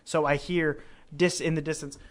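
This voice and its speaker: A young man hosting a casual podcast chat, telling animated customer-service stories and acting out customers. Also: fairly high pitch, moderate pace. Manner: animated storyteller, acts out customers. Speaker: podcast host.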